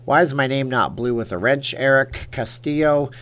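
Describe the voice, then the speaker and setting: A man's voice: medium pitch, moderate pace, fairly bright tone. A man hosting a casual livestream and chatting with viewers, teasing them about a funny story. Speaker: livestream host.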